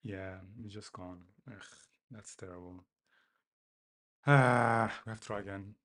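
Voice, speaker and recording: A man's voice: fairly low pitch, a little slow, long pauses. A man talking to himself as he codes, muttering and repeating phrases in a self-mocking way. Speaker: developer streaming his coding. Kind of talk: casual live-coding commentary.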